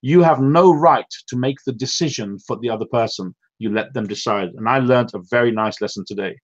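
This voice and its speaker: A man's voice: mid-range voice, brisk, lo-fi sound. A man from the United Kingdom hosting a motivational online team call, effusive and full of praise, emotional and drained. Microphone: online call audio.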